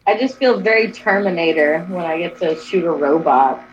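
A woman's voice: on the low side, normal speed. A woman playing a tabletop game, talking casually and matter-of-factly. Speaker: player. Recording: dull lo-fi, faint noise.

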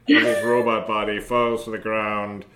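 A man narrating as game master of a tabletop game, halting and full of fillers. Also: lowish voice, little pitch movement, crowd noise. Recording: roomy echo, faint noise.

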